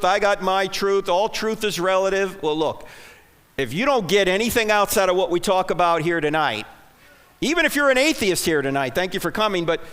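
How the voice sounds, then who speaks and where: Guy preaching to a church crowd, high lively voice, jokey, fires off questions. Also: long reverb tail. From New Jersey. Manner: punchy, joking, rhetorical questions. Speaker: conference speaker. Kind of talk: sermon-style talk to a live audience. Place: church auditorium.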